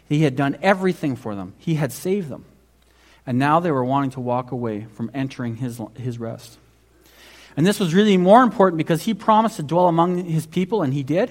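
Male pastor, somewhat high voice, lively sermon delivery that swings from loud to hushed. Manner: animated storytelling with big swings between loud and hushed; conversational, asks the congregation questions.

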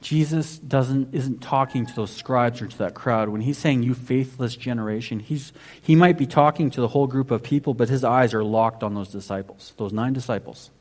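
A man's voice: mid-range voice, moderate pace, darkish tone. A man preaching a sermon in a conversational way, often restarting and saying "basically". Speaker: pastor.

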